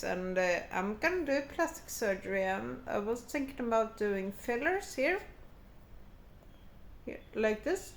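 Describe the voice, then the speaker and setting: A woman's voice: mid-range voice, a little hiss or hum. A woman delivering a satirical character monologue in a mock-serious, sarcastic rambling manner. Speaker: comedic vlogger.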